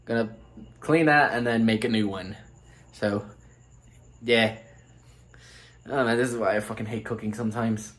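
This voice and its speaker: A man's voice: on the low side, fairly even intonation, normal speed, pauses often. A young man talking casually while cooking in his home kitchen, swearing now and then. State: groggy morning voice. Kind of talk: casual vlog narration.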